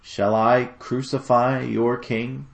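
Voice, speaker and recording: A man's voice: medium pitch, flat delivery, slow pace, vocal fry. A man voicing a troubled, wavering Roman governor who questions and pleads with a crowd, in a dramatic scripture reading. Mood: uneasy.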